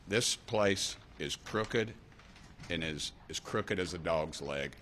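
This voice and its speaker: A man's voice: low voice, takes it slowly, fairly bright tone, a little hiss or hum. A man in his sixties with an East Tennessee accent, giving fiery, folksy press conference remarks with punchy repeated refrains. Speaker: congressman.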